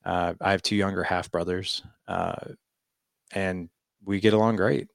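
Brief: man, 40s, very low gravelly voice, dry close sound, animated storyteller. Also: measured pace, no echo. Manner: animated, acts out quoted dialogue. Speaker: podcast guest. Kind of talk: casual storytelling.

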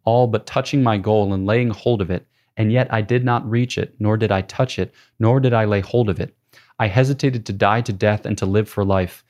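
A priest reads a spiritual classic aloud, his voice sitting a little low. His delivery is measured and solemn, like a scripted reading. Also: a little mellow.

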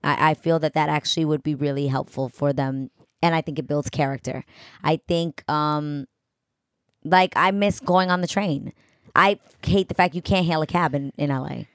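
New York woman, low, animated chat. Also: moderate pace, no room sound, studio quality. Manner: animated, rambling with many restarts. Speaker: guest co-host. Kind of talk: casual podcast chat.

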